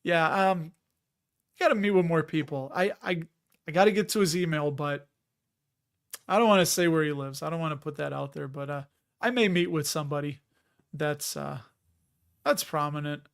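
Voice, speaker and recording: A man's voice: on the high side, moderate pace, vocal fry, long pauses. A middle-aged man casually chatting on a livestream, reading viewer comments, laughing often and restarting words. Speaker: livestream host.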